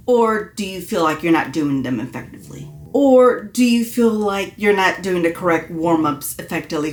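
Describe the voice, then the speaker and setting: Woman vocal coach, lively pitch. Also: normal speed, few pauses. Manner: encouraging, demonstrates with sung hoots. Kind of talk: online singing lesson. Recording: echoey room.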